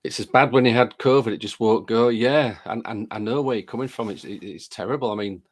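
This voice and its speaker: A man hosts a live stream in a medium-pitched voice, speaking a little fast. He chats casually, reading comments aloud and greeting viewers by name, with a lingering chest cold.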